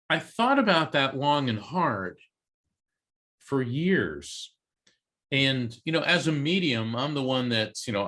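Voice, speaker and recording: A medium and author from East Coast Florida appears as an interview guest, earnestly telling a personal story and acting out the voices of its characters. His voice is fairly high and a bit bright.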